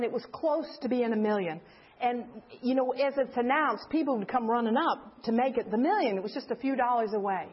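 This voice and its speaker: High-voiced older woman telling a story. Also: slightly rough. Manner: animated storyteller acting out quotes. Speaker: speaker. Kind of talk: sermon storytelling. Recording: dull lo-fi sound.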